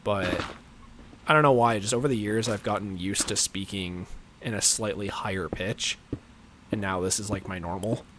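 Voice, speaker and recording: A man with a deep, low-pitched voice talks through a gaming livestream in a loose, rambling way, full of fillers and little chuckles. The recording carries a clear bed of steady background noise. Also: moderate pace. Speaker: livestream gamer. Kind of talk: casual gameplay chat.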